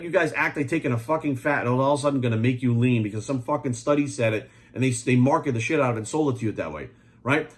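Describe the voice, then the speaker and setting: Fast-talking, foul-mouthed man ranting. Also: fairly high pitch. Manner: profane, blunt, heated; rapid, pushy, talks straight at viewers. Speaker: fitness coach and supplement maker. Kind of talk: ranting monologue to camera.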